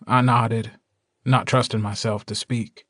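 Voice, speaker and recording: A man narrating an audiobook in the first person with a steady, even storytelling manner. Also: medium pitch, measured pace, dry recording, clean studio sound.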